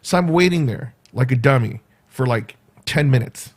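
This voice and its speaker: A man vlogging casually, retelling a day out in a rambling, animated way with quoted asides. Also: medium pitch, fairly quick, hardly any pauses. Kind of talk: casual storytelling vlog.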